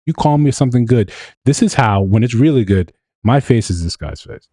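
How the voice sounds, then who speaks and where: A man's voice: mid-range voice, expressive, fairly quick, dark tone, breathy edge, no echo, clean studio sound. A man hosting a live show, giving rambling, gossipy reaction commentary full of fillers and restarts. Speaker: show host.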